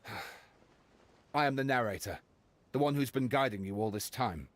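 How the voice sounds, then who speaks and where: A man's voice: medium pitch, animated, measured pace, natural voice. A man voicing a confessing detective. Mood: earnest. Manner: earnest, confessional, rambling. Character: male detective confessing he is the narrator. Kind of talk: game voice acting.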